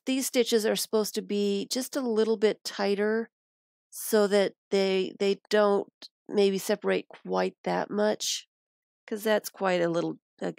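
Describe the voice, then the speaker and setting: A woman's voice: medium pitch, gravelly, a little mellow, dry recording, clean studio sound. A woman on a live stream, showing a craft and thinking aloud as she works.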